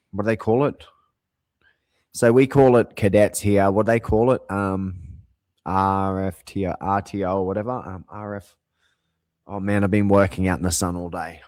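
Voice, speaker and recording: A man's voice: sits low, dry recording. A middle-aged man, talking to camera in a rambling, digressive monologue full of asides. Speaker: vlogger.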